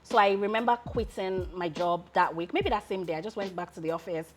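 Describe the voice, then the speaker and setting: A woman in her thirties with a Nigerian accent tells stories from her career as an interview guest. Her voice sits at an ordinary middle pitch, and she is lively and quick to laugh. Faint music plays behind her. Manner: lively storyteller, often breaks into laughter. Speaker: guest, lawyer and founder. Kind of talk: casual interview storytelling.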